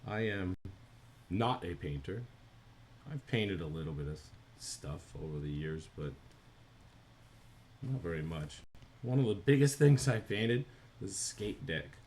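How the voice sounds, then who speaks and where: New jersey guy, deep voice, rambling chat to viewers while animating. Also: expressive, unhurried, long pauses, a little mellow, slight background noise. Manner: chatty, thinks aloud and answers chat. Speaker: animator streaming live. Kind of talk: casual live-stream chat while drawing.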